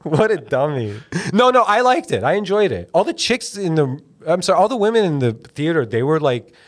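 Young man, comedic podcast host, rambling, somewhat high voice, lively pitch, silly voices. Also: brisk. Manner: rambling, animated storytelling with silly put-on voices. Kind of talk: casual comedic podcast chat.

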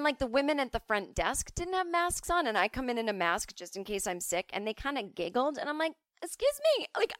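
A woman's voice: medium pitch, a bit bright, no echo, clean studio sound. A woman hosting a podcast who tells comic stories in a chatty, self-mocking way and swears freely. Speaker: podcast host. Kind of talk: casual comic storytelling.

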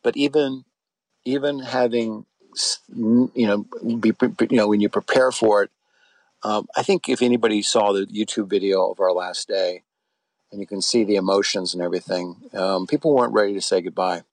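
A middle-aged man with a gravelly, fairly low voice, recorded close and dry. He tells his story in a loose, meandering interview style, circling back and restarting his sentences as he goes. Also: steady tone, normal speed, darkish tone, no room sound. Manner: rambling, with frequent restarts and fillers. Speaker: interview guest. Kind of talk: conversational storytelling.

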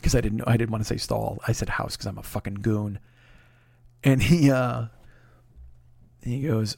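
A man's voice: fairly low pitch, moderate pace, gravelly, long pauses, slightly rough, dry recording, studio quality. Profane man telling a comic story. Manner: profane, animated, swings between hushed retelling and loud exasperation. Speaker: comedian storyteller. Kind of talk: casual comedic storytelling.

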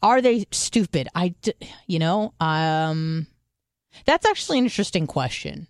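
A woman with a somewhat low voice talks casually as a podcast co-host. She swears freely and thinks aloud, restarting her sentences as she goes. The sound is dry and close, with no room around it. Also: animated, unhurried, dry recording. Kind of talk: casual chat.

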